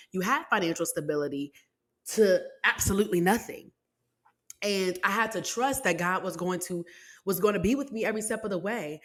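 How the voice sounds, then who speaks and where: With a lowish voice, a female podcaster recounts something personal in an emotional, lively, faith-filled manner, talking straight to her audience.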